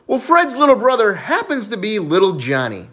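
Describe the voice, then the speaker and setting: A man's voice: high voice, moderate pace. A man telling jokes in a storytelling way. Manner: animated storytelling, laughs at own jokes. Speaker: joke teller.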